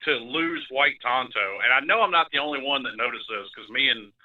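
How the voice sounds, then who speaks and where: A man's voice: medium pitch, brisk, narrow, tinny audio. A man who is a regular on a live call-in sports talk show, making dry joking asides.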